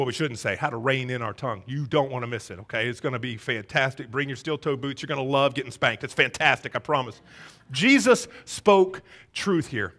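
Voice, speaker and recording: A man in his thirties preaching a sermon in a church, telling stories with energy and acting out the voices in them. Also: mid-range voice. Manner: animated storytelling, acts out voices. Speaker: pastor. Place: church sanctuary.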